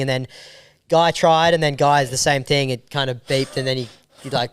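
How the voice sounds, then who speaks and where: A man in his podcast guest spot, telling a travel story in an animated way and acting out the people in it. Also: mid-range voice, brisk, clear, resonant tone, dry recording, clean studio sound. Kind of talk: casual storytelling.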